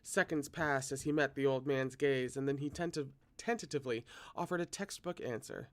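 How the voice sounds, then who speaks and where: A man reading a novel aloud at a steady pace, now and then correcting himself. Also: mid-range voice, moderate pace. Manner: steady, occasional self-corrections. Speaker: reader.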